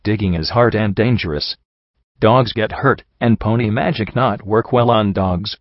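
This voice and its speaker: A man growling as a gruff old dog chief in broken speech. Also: fairly low pitch, measured pace, dry recording, muffled recording. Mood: bitter. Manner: broken grammar, growling and grumbling.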